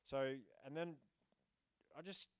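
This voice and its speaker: A man's voice: a little high, slow, clear, resonant tone, dry recording, rough recording. A man giving a rambling personal testimony to an audience, full of fillers. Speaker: program resident giving testimony. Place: speaking in front of an audience.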